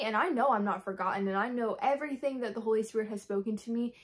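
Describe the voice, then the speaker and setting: A woman's voice: on the high side, quick pace. A young woman talking candidly in a devotional vlog, earnest and rambling, acting out her own prayers as she speaks. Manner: earnest, rambling, full of fillers and quoted prayers. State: frustrated but hopeful. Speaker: Christian vlogger.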